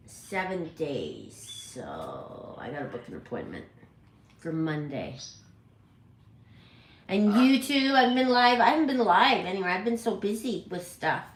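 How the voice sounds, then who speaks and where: This is a woman with a fairly low voice who hosts a parrot channel, rambling and self-correcting as she chats with viewers on a casual livestream from home. The sound is roomy and the recording rough.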